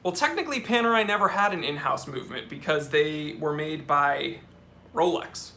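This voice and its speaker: Young male host, bright tone, slightly high, chatty live Q&A delivery. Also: expressive, moderate pace, vocal fry, slight background noise. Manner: chatty, answers questions off the cuff, talks to his cats. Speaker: watch channel host. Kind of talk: live-stream Q&A reading viewer comments.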